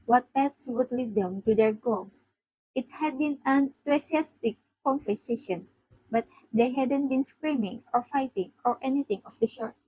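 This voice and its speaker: A woman's voice: sits high, a little slow, mellow, husky, no room sound, rough recording. A woman with an Indonesian accent reading a fan story aloud as an amateur podfic reader. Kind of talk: fan fiction read aloud.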